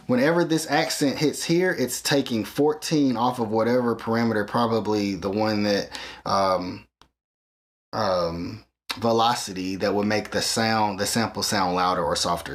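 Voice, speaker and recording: A man hosting a hands-on synthesizer tutorial, explaining patiently step by step and often checking in with "okay?". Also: on the low side.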